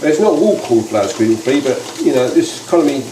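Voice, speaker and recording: A man's voice: medium pitch, lively intonation, quick pace. A British man hosting a casual cooking demonstration in a home kitchen, rambling and chatty with many restarts. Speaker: cooking video host. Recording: echoey kitchen, faint noise.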